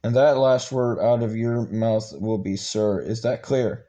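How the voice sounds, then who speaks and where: A man reading aloud and voicing a harsh, bullying male Marine drill instructor who growls crude orders, with halting restarts. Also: fairly low pitch, fairly even intonation, mellow, natural voice, poor audio. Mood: barking.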